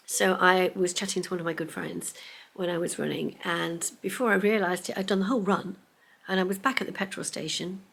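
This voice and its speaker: A middle-aged woman, talking casually to camera at home in a vlog, chatty and excitable and often dropping into a whisper. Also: on the low side, vocal fry, husky. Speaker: vlogger. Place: home, indoors.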